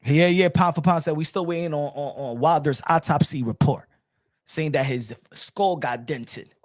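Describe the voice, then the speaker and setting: This man hosts a boxing livestream, talking casually and with plenty of energy at a moderate pace. His voice is slightly high, and he switches between English and Spanish, often repeating himself.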